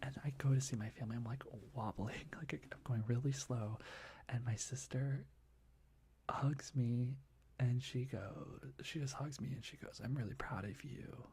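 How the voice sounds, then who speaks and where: A young man talking in a soft, rambling ASMR whisper, full of restarts, as he shares life updates. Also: mid-range voice, steady tone, normal speed, breathy edge. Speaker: ASMR creator.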